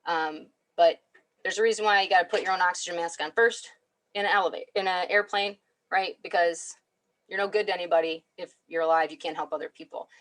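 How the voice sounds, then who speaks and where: A woman's voice: on the low side, fairly even intonation, brisk, a bit bright. A woman giving a chatty webinar talk as a clinical psychologist, often asking "right?". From United States. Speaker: clinical psychologist guest speaker.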